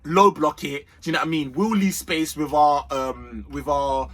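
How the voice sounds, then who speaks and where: A man hosting a fan channel's football match preview, chatty and energetic, full of street slang. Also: fairly high pitch, moderate pace. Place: outdoors in sunshine.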